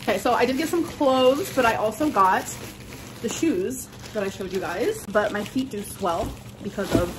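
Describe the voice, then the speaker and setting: A woman's voice: fairly high pitch, animated, normal speed, background noise. A young adult woman chatting casually in her vlog, rambling and full of "like". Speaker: vlogger.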